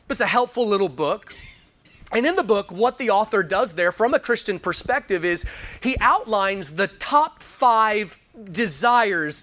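A man's voice: sits high, a bit bright. A man, a pastor, preaching a sermon, praying earnestly and telling an illustration with frequent restarts.

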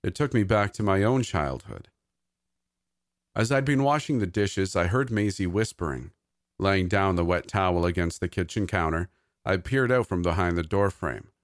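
A man with a deep, low voice reads a scripted horror story in a measured, even way. The sound is dry and close, with no room around it. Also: dry recording.

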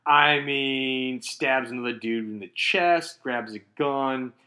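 A man co-hosts a casual comic book chat with a bright, forward tone. He is animated and laughs often. His pitch sits in a middle range. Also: slow. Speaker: podcast co-host.

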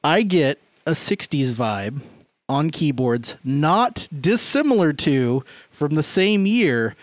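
A man's voice: fairly high pitch, expressive, slow pace, no room sound. A man co-hosting a music podcast, sharing eager, rambling theories about songs. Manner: enthusiastic, rambling, laughs often. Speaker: podcast co-host. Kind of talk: casual chat about music.

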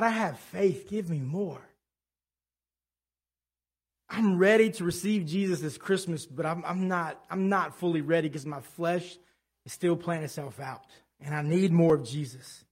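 A man in his thirties preaching a sermon in a conversational, animated way, telling stories from home. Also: a little high. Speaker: pastor.

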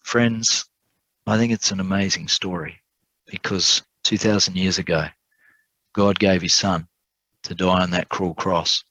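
A man preaching, telling an illustration story in an earnest way and slowing down for emphasis. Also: sits low, fairly even intonation, fairly bright tone, no echo, poor audio. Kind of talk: sermon storytelling.

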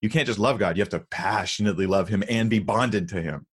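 A man in a conversational podcast discussion, speaking earnestly and emphatically about Bible translations and reading verses aloud slowly. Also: on the low side, breathy edge.

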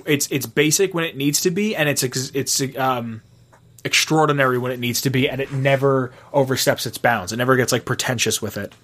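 A young man chatting about a film he loves, eager and rambling, with lots of "like" and restarts. His voice sits at a middle pitch. He retells scenes with gusto. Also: brisk. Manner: excited, retells scenes with acted quotes and swearing. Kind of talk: casual movie chat.

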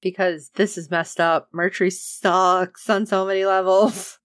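A woman co-hosting a casual chat, recapping an episode and acting out the characters' lines with lively reactions. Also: fairly low pitch, measured pace, dry recording, clean studio sound. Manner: animated, acts out characters' lines. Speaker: podcast co-host recapping a TV episode.

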